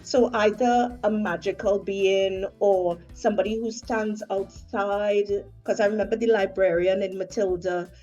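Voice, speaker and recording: A woman in her forties with a Trinidadian accent, a stage actor chatting casually, often laughing and pausing mid-thought. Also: mid-range voice, steady tone, lo-fi sound, faint music behind. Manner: warm, laughs often, halting. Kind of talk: casual conversation.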